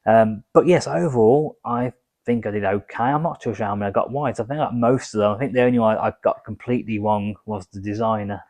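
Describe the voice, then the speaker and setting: A man's voice: on the low side, fast talker, darkish tone. Chatty man hosting a car vlog. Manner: chatty, adds asides while reading. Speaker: car vlogger. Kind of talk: casual vlog, reading quiz answers aloud.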